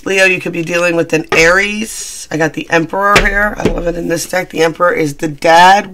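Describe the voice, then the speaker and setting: A man's voice: sits high, steady tone, fairly quick, hardly any pauses, sharp tone. A man giving a casual, rambling tarot reading, chatty and self-deprecating. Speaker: tarot reader.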